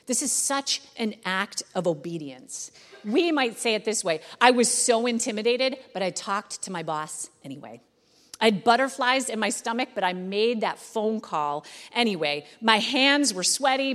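A woman pastor preaching a conversational sermon that turns animated when she acts out quotes. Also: mid-range voice, long reverb tail.

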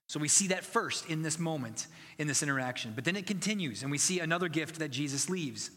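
A man's voice: on the high side, expressive, quick pace, fairly bright tone, in a large hall. A man preaching a sermon as pastor, earnest and conversational, building to emphatic passages.

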